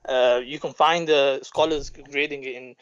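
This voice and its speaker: A male caller on a call-in show, making his case in a measured way with many pauses. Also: mid-range voice, steady tone, smooth. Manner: measured, hesitant with fillers. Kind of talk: call-in debate. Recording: dull phone-call audio.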